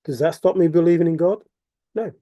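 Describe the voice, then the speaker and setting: A man's voice: a little high, brisk, dark tone, no echo. A man delivering an impassioned, repetitive monologue full of rhetorical questions. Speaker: vlogger.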